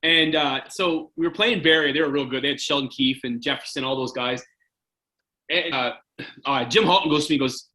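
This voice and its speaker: A man from Canada, a former hockey goalie, casually telling animated stories as a podcast guest. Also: on the high side, normal speed, reverberant, low-quality recording. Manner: animated anecdote-telling, filler-heavy. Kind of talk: casual storytelling interview.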